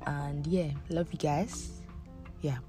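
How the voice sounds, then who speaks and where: A woman's voice: low voice, fairly even intonation, slow pace, mellow, soft background music. A woman hosting a book podcast, chatting in a casual, self-deprecating way with her listeners. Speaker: podcast host.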